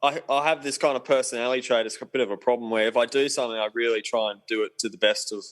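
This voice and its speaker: On a low-quality recording, a young professional sailor guesting on a podcast rambles along in a relaxed, casual way, filling gaps with lots of ums. His mid-range voice is steady and a bit bright, and he races through his words.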